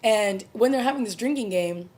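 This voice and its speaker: A woman's voice: medium pitch, moderate pace, a little mellow. A woman casually reviewing a TV episode, recapping the plot in a chatty, conversational way. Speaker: TV review vlogger.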